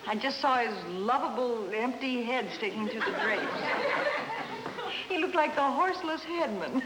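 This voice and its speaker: An actress playing a teasing young newlywed wife in a 1950s sitcom, bubbly and wisecracking. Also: female voice, on the high side, lively intonation, moderate pace, over a noisy crowd, natural voice. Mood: playful. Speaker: sitcom lead. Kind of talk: 1950s live TV sitcom acting. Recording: hissy, roomy 1950s TV soundtrack.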